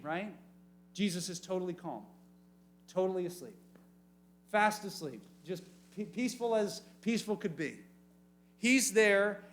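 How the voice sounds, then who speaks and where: A man, a youth pastor, preaching an animated sermon and talking straight to a room full of young people. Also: sits high, normal speed. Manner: animated, talks straight to the teens.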